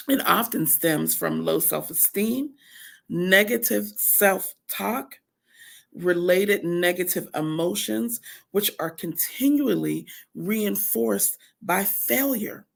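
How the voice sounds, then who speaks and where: A woman with a deep, husky morning voice, giving an earnest faith-based motivational teaching at a women's camp and stressing her points through repeated lists. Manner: earnest, emphatic repetition of lists.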